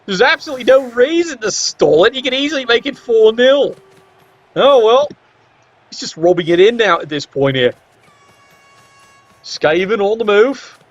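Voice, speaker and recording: A man giving casual, sarcastic and excitable play-by-play commentary on a tabletop-style sports video game. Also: very high voice, moderate pace, long pauses, highs cut off.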